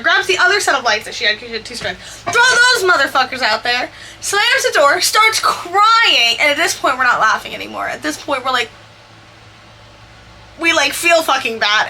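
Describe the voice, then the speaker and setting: A woman's voice: high-pitched, bright, forceful tone, slight background noise. A young woman telling a chatty, profane story over a video game build. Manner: chatty, profane, quick asides. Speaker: Sims builder and vlogger.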